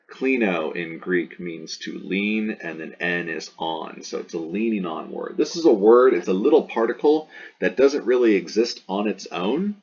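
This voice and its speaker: A man's voice: deep voice, muffled recording. A man teaching a Latin grammar lesson, patiently explaining and repeating key words, stressing words to show emphasis. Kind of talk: recorded classroom lecture.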